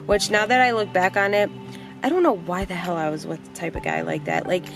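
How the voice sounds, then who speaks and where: A young adult woman vlogger telling a personal story in a casual, animated way, blunt and quick to swear. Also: fairly low pitch, creaky, soft background music.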